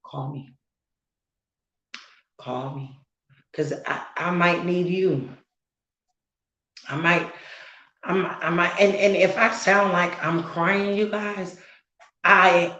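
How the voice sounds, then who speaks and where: A woman content creator speaking earnestly and emotionally on a live stream, halting as she talks. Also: lowish voice, fairly even intonation, pushed and bright, echoey room, poor audio. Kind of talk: heartfelt live-stream talk.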